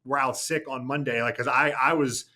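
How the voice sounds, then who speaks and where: Bright and forceful in tone, this TV news anchor keeps a medium pitch, fairly even intonation, and a moderate pace. Co-hosting a casual station chat show, he tells a long story in a rambling way, restarting, correcting himself, and using many fillers.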